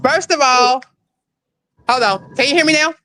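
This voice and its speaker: Breathless, bright-voiced woman calling in outdoors. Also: sits high, normal speed, poor audio. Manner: chatty, apologetic, laughing. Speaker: volunteer calling in to a live panel. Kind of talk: off-the-cuff live update. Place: outdoors at a school grounds in summer heat.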